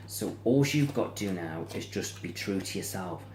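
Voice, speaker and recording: Deep-voiced man as card reader, soothing and repetitive, a little weary, echoey room with faint background hum. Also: lively intonation, moderate pace, few pauses, darkish tone. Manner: soothing, repetitive, yawning and tired. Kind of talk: tarot-style reading to camera.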